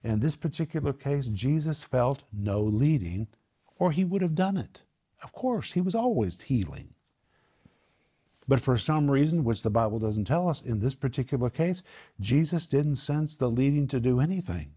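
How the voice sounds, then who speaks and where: A man preaching a sermon, animated, acting out the voices of the people in the story as he tells it. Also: medium pitch, moderate pace, husky.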